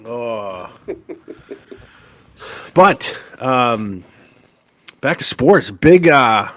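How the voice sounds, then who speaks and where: A man's voice: mid-range voice, animated, very slow, a bit bright. A man co-hosting a casual sports talk stream, a teasing, jokey storyteller. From Upper Midwest US. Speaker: podcast co-host.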